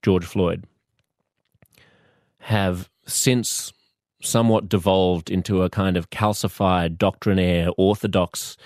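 Thoughtful Australian man, low dry voice. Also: steady tone, a little mellow, dry recording. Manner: thoughtful, measured, with pauses and restarts. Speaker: podcast host. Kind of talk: reflective monologue.

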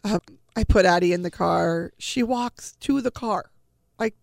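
A middle-aged woman earnestly telling her family's story, pausing and restarting as she relives each scene in quoted dialogue. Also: on the low side, gravelly, no echo, clean studio sound. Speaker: guest sharing a family story. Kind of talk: emotional personal storytelling.

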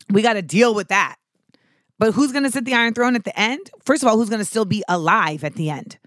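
A woman chatting casually and animatedly, swearing freely and acting out quotes with sudden shouts. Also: on the high side, no echo, clean studio sound. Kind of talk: casual chat about a TV show.

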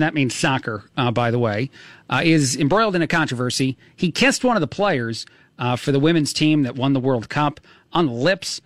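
A man hosting a talk radio show, musing out loud with many fillers and restarts. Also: mid-range voice, moderate pace, no echo. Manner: rambling, full of uh and restarts. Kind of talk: casual talk radio commentary.

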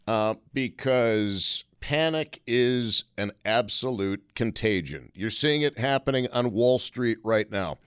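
A man's voice: mid-range voice, clear, resonant tone, no room sound, studio quality. A man hosting a call-in radio talk show, blunt and wry as he takes calls and talks about the news. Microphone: studio microphone.

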